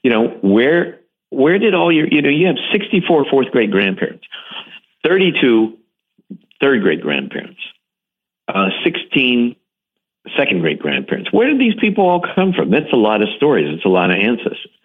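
A man's voice: mid-range voice, sing-song, moderate pace. A man being interviewed who tells his stories with enthusiasm and emphasis and often restarts his sentences. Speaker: interview guest, TV series host. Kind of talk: animated storytelling in an interview. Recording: phone-like narrow radio line.

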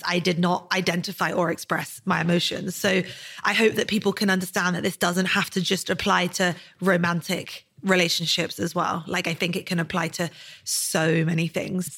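A woman's voice: on the low side, flat delivery, normal speed, gravelly, a bit bright. A woman in her thirties hosting a podcast, talking in a candid, earnest way about personal memories. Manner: earnest, candid, emotional storytelling. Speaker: podcast host. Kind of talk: podcast conversation.

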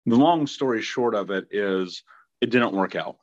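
Male podcast host, 30s, low voice, earnest, muffled dry recording. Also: moderate pace. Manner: earnest, heartfelt, occasional laughs. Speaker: podcast host, trauma healing coach. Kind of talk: personal reflective monologue.

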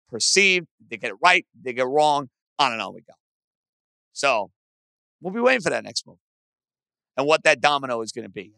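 A man hosting a sports podcast, ranting with animated opinions about teams and trades. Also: smooth, no room sound. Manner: animated, aggravated rants with rising pitch. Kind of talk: opinionated sports talk monologue.

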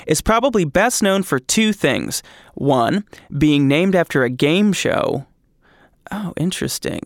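Excitable, gushing male podcast host. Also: a little high, no echo, studio quality. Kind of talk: casual podcast chat and reading listener stories.

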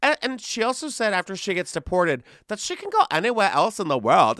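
A man's voice: a little high, sing-song, normal speed, fairly bright tone, no room sound, clean studio sound. A man hosting a comedy news podcast, chatting casually and sarcastically, often breaking into laughter. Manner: sarcastic, laughing, mocking voices. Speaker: podcast host.

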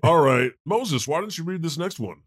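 A man's voice: a little high, slightly rough, dry recording, studio quality. A man playing God, a chatty male deity who hosts an improvised comedy podcast. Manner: conversational, quick to laugh, animated. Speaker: host.

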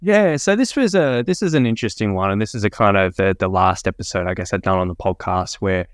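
A man's voice: on the low side, clear, resonant tone, dry recording, clean studio sound. A man with an Australian accent, a personal trainer guest, telling stories eagerly in casual podcast chat. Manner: fast, enthusiastic storytelling with many fillers.

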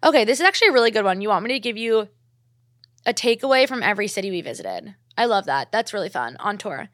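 A woman's voice: mid-range voice, expressive, fast talker, no echo, studio quality. A young woman from New Jersey hosting a casual solo podcast, gushing and chatty with constant "like" fillers. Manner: gushing, filler-heavy, lots of "like". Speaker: podcast host.

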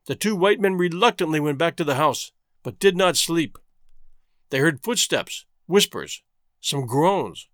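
Expressive male story narrator. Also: fairly high pitch, measured pace, no echo, clean studio sound.

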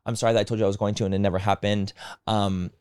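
Man, podcast co-host, casual gossip, rapid speech, dry booth sound. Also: lowish voice, smooth, no room sound. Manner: rapid, animated storytelling with quoted voices.

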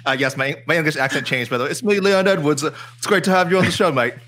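An earnest British fighter, as a man impersonates him, sounding bright and forceful. He stumbles and repeats himself as he makes his case. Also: mid-range voice, a little hiss or hum, close to an everyday voice. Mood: chummy. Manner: earnest, halting, repeats words. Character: earnest British male fighter seeking respect.

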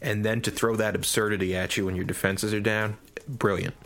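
A man co-hosting a podcast in casual chat, retelling a story with animated enthusiasm. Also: lowish voice, fairly quick. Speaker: podcast co-host.

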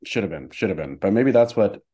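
Low-voiced playful male podcast co-host. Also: animated, fairly quick, dark tone. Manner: laughing, playful. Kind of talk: casual chat.

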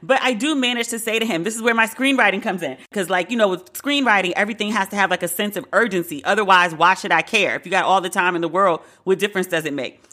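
A woman's voice: mid-range voice, quick pace, bright, forceful tone. A woman with a New York accent telling a candid personal story, blunt and profane, acting out the quoted dialogue. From Brooklyn, New York.

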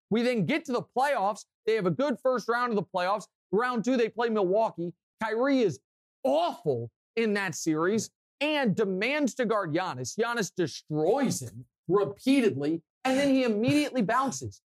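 A young man co-hosting a sports podcast, telling stories and giving strong opinions in an animated way. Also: sits high, normal speed, no echo, studio quality. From Kansas City, US. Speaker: podcast co-host. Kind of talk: casual sports talk.

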